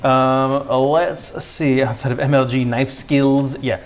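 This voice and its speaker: On a poor-quality recording, a man with a mid-range voice speaks slowly and fairly evenly while hosting a cooking livestream from his home kitchen. He chats casually with viewers in an upbeat, slangy, self-deprecating way.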